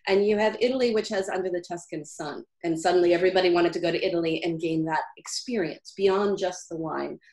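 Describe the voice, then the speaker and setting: Low-voiced woman host asking probing questions. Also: a little mellow. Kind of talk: conversational video discussion.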